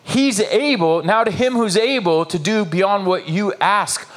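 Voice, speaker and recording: High-voiced, emphatic male preacher. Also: unhurried. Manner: emphatic, animated preaching with repetition and rhetorical questions. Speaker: pastor. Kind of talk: sermon.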